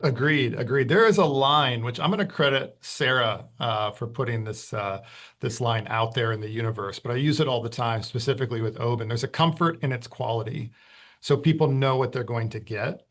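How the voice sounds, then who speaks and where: Gravelly-voiced whisky brand ambassador. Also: male voice, mid-range voice, fairly quick. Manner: relaxed, explanatory, many fillers. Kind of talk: conversational podcast interview.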